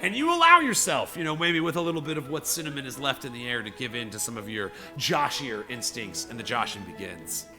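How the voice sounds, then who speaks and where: Bright-voiced male game master. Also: mid-range voice, fairly quick, hardly any pauses, soft background music. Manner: rambling, filler-heavy storytelling. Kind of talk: narrating a tabletop game.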